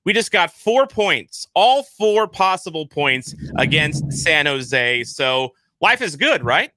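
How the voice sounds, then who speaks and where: A man's voice: fairly high pitch, sing-song, slow, sharp tone, no room sound. A man hosting a casual podcast, rambling and self-deprecating, often stumbling and repeating words. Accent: St. Louis. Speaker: podcast host.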